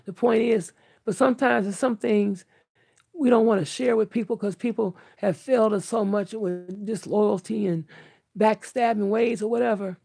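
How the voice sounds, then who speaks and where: Gravelly, husky older woman vlogger. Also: medium pitch, moderate pace, mellow, dry recording. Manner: earnest, emphatic, outspoken. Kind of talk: candid monologue to viewers.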